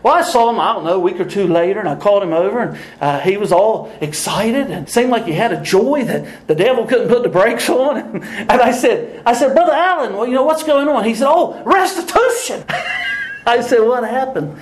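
Animated older male preacher, high voice. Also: fairly quick, hardly any pauses, reverberant, poor audio. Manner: animated, laughing often, acting out dialogue. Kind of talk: sermon with storytelling.

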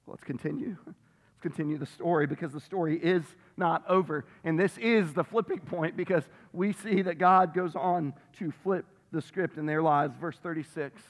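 High-voiced preacher in a reverberant hall. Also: male voice, normal speed. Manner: emphatic, repeats phrases for stress; reads scripture aloud. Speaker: pastor. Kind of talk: sermon. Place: church sanctuary. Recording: long reverb of a large hall.

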